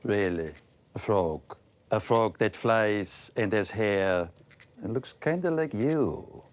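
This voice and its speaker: A man's voice: lowish voice, expressive, takes it slowly. An actor playing a pompous, easily exasperated ancient male vampire warrior who scolds in a grandiose, theatrical way.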